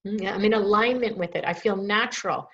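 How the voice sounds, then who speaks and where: A woman hosts a casual live Q&A, answering viewer questions in a chatty, reassuring manner and joking at her own expense. Her husky mid-range voice runs a little fast, and the stream audio is dull and lo-fi.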